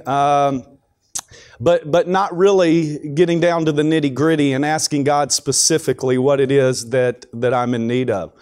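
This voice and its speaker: A man's voice: on the high side, fairly even intonation, normal speed, a little mellow. Conversational man giving a devotional talk. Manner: conversational, frequent restarts and repeated words. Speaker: chapel speaker at a school.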